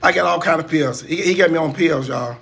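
An older man on a livestream, talking loudly, stammering and repeating himself, preaching about God and school. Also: fairly high pitch, a little fast, gravelly. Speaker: uncle on a livestream. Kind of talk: loud rambling livestream banter.

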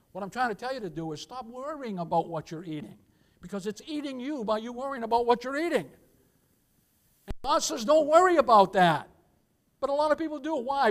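A pastor preaching a church sermon, emphatic, firing rhetorical questions, calling for amens and addressing the congregation as beloved. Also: male voice, very high voice, animated, brisk, fairly bright tone. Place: church service.

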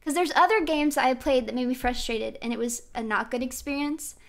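High-voiced giggly woman streamer. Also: fairly quick. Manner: giggly, laughs often, playful. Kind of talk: casual chat while gaming.

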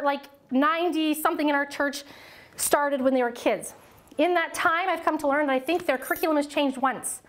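A woman in her forties giving a lively, self-mocking workshop talk to a small church audience from a podium, acting out the voices she quotes. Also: high voice. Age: 40s. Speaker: workshop speaker on children's ministry.

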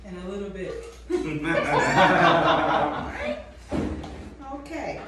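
A woman's voice: medium pitch, animated, a little slow. Chatty woman chef in an echoey kitchen. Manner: chatty, encouraging, talks to the viewer. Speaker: chef and host. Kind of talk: cooking demonstration. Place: kitchen at a coffee company. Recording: echoey room, mic far off, background noise.

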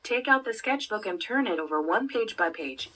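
Husky woman reading a story aloud. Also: mid-range voice, animated, normal speed, pushed and bright. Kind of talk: reading a story with stage directions. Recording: voice from a distance.

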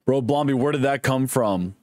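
A young man streaming a video game, chatting casually in a rambling, jokey, excitable way and swearing often. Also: medium pitch, moderate pace, dry recording. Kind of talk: casual live-stream gaming chat.

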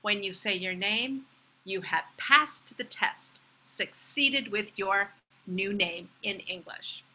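American woman teaching pronunciation; bright, clear, unhurried delivery with modeled words. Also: mid-range voice, rough recording. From United States. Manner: slow, clear, demonstrates pronunciations. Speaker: English pronunciation coach. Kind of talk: presentation talk at a virtual fair.

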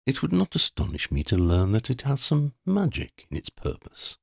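A courtly ferryman pronounces each word formally and with measure, as a man reads him. A gravelly texture runs through his voice. It sounds dry and close. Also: mid-range voice, wildly swooping pitch, normal speed, no echo, exaggerated voice.

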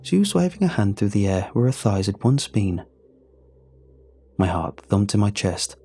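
A man narrating a first-person horror story in a calm, measured way. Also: fairly low pitch, vocal fry, husky. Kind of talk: scripted narration.

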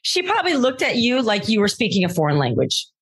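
A woman's voice: fairly high pitch, sing-song, fast, slightly rough. A woman co-hosting a podcast, answering with wry, teasing remarks in casual banter. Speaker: podcast co-host.

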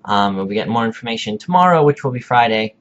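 A man hosting a casual vlog, delivering a mock-serious rant with deadpan, exaggerated indignation and drawn-out pronunciations. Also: medium pitch, muffled recording. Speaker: video host.

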